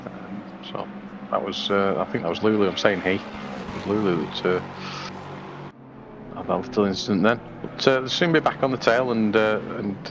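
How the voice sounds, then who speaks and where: A man's voice: fairly low pitch, fairly even intonation, normal speed, background noise. A man doing live sim racing commentary in a chatty, rambling way with lots of fillers.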